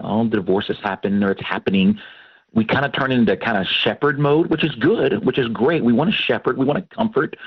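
A man from Texas, a pastor and Christian counselor, giving an animated personal testimony in a radio interview. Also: mid-range voice, creaky, breathy edge. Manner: animated storytelling, acts out quoted voices. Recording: dull lo-fi radio broadcast.

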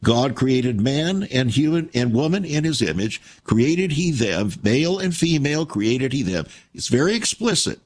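A man's voice: mid-range voice, animated, normal speed, few pauses. A man preaching a radio sermon, reading scripture aloud with strong emphasis and calling listeners his friends, then appealing for donations as the ministry's host.

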